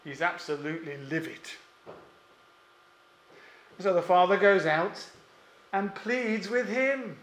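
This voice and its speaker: A man preaching a sermon, emphatic and pausing often, with rhetorical questions. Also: high-pitched, fairly bright tone. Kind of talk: expository sermon. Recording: echoey room.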